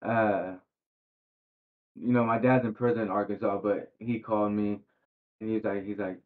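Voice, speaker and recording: A professional boxer talking as a podcast guest in a laid-back, slangy way, full of fillers. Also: male voice, on the low side, flat delivery, normal speed, pauses often. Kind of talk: casual interview chat. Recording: tinny phone-like sound.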